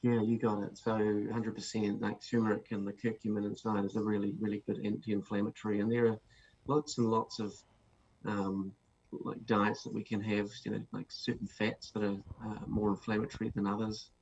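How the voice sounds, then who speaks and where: A man's voice: lowish voice, little pitch movement, normal speed, darkish tone, slightly rough. A man with a New Zealand accent, a guest author explaining his ideas with many fillers and restarts. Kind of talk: interview answers. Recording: dull lo-fi sound with faint noise.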